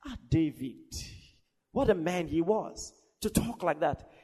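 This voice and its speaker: A man preaching a sermon with fervour, swinging from shouted declarations to soft, laughing asides. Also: on the high side, lively intonation, slow, breathy edge. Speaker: pastor. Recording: long reverb of a large hall.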